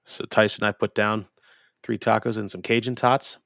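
爱说脏话、讲故事很投入的男人. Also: male voice, fairly low pitch, normal speed, gravelly, no echo, clean studio sound. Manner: profane, animated storyteller. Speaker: podcast co-host. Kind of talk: casual storytelling chat.

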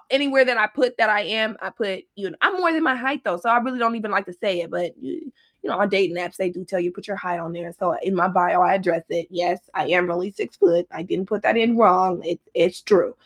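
Animated, profane woman telling a story. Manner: animated, profane, laughs often, swings into high-pitched outbursts. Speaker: storyteller recounting her dating life. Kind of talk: casual storytime monologue.

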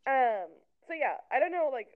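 A woman in her twenties co-hosts a casual recap podcast, sounding chatty and sarcastic and saying "like" a lot. Her voice sits high and is expressive, at a normal speed. The recording has a tinny, phone-like sound.

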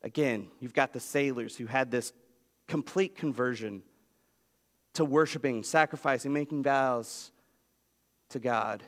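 A man preaching a sermon as pastor, telling a story with lively swings in pitch. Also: a little slow, pauses often. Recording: long reverb of a large hall.

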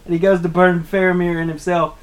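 A man's voice: high-pitched, level tone, a little fast, rough recording. A man in his twenties co-hosting a podcast, casually retelling movie scenes with profane jokes. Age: 20s. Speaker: podcast co-host. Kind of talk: casual movie recap chat.

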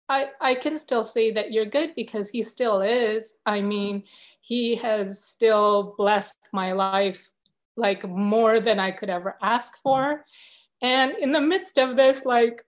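A woman speaks as an interview guest in a fairly high voice. She tells her story earnestly and openly, emotion close to the surface throughout. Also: slow pace. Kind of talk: conversational interview.

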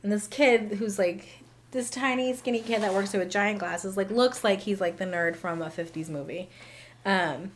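A woman's voice: mid-range voice, normal speed. A young woman co-hosting a podcast, chatting casually and telling stories with lots of "like" and "um". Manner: chatty storyteller, filler words like "like" and "um". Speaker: podcast co-host. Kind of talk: casual chat.

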